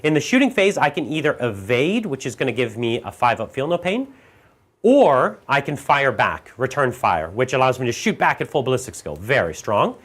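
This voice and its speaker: A man's voice: medium pitch, moderate pace. A man explaining game rules and the tabletop to viewers in a casual live stream. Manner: animated, walks viewers through rules. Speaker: player and commentator.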